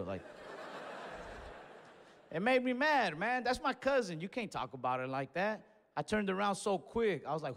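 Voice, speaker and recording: A man's voice: fairly high pitch, moderate pace, long pauses, a little hiss or hum. A man doing stand-up comedy, telling a story and acting out the other people in it. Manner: animated, acts out both sides of the story. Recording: live show with long hall reverb.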